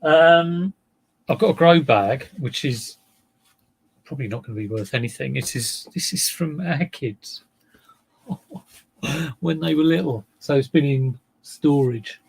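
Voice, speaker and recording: A middle-aged man talks casually to his livestream viewers, rambling along and poking fun at himself. His voice carries a gravelly edge and a husky, slightly rough grain. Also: fairly high pitch, takes it slowly. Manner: chatty, rambling, self-deprecating. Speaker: reseller livestreamer.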